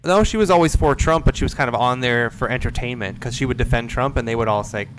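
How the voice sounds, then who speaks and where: A man's voice: medium pitch, quick pace, a crowd in the background, low-quality recording. A man co-hosting a casual political chat, joking and laughing often. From Minnesota. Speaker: podcast co-host.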